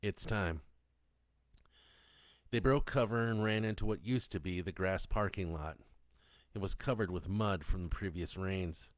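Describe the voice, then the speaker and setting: Deep-voiced man narrating horror. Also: moderate pace, no echo. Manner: steady, descriptive storytelling. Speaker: audiobook narrator.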